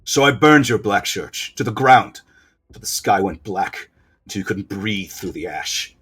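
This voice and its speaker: A man voicing a wounded, bitter young prince in a video game, speaking low and hushed. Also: lively intonation, measured pace, slightly rough, heavily acted. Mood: dark.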